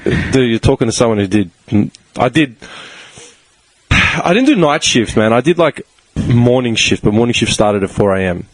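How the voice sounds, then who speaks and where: A man's voice: mid-range voice, animated, normal speed, dry recording, low-quality recording. A man hosting a podcast, teasing his guest in casual chat and swearing freely. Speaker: podcast host.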